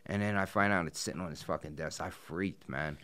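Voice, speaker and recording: A man's voice: low-pitched, brisk, sharp tone. A man telling stories in a casual interview, blunt and profane, full of fillers and asides. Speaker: professional wrestler, guest. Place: studio interview set.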